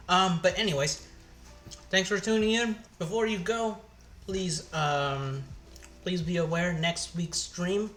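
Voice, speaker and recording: A man casually chatting on his cooking live stream, thinking aloud with halting pauses as he tastes the food. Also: fairly high pitch, fairly bright tone.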